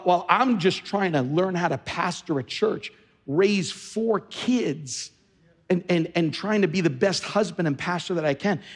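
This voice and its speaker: A man's voice: a little high, in a large hall. A man pastor preaching a sermon, telling a story with quoted speech and building to fervent exhortation. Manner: storytelling, quoting others, rising to fervent exhortation.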